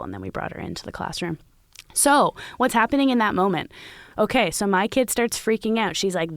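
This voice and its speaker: A woman's voice: medium pitch, lively intonation, normal speed, no echo, clean studio sound. A woman co-hosting a parenting podcast, explaining ideas in a chatty way with many "you know"s. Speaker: podcast co-host. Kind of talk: casual podcast conversation.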